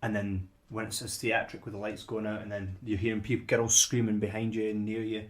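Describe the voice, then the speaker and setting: Rich: A fairly low-pitched man co-hosting a relaxed film podcast. He talks in loose, rambling stretches, repeating words as he works his way to his point. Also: fairly quick. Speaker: podcast co-host. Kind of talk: casual film discussion.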